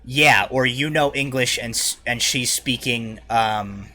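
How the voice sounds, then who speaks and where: A man narrating as game master of a tabletop role-playing game, talking in a loose, halting way with many fillers. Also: medium pitch, pushed and bright.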